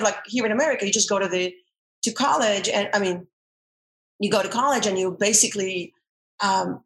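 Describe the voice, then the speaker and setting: A middle-aged woman talking as an interview guest at an ordinary pitch, rambling through memories with frequent restarts. Her voice rings out with a roomy echo around it. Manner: rambling, restarts often, animated storytelling. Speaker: guest, former dancer and army veteran. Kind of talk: casual interview chat.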